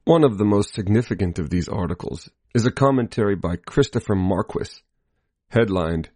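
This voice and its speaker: A man with a very low voice reads a scripted political commentary at a measured, deliberate pace. He marks each quotation aloud as he goes. The sound is dry and close, with no room around it. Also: animated, warm tone, dry recording.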